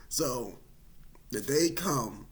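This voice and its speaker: A man casually telling a personal story, animated and dramatic, with many fillers. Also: mid-range voice.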